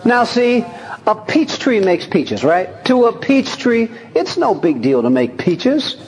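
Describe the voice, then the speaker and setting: A man preaching a sermon in a folksy, lively way, chuckling as he talks and reading scripture aloud. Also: sits high, slow pace. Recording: long hall reverb.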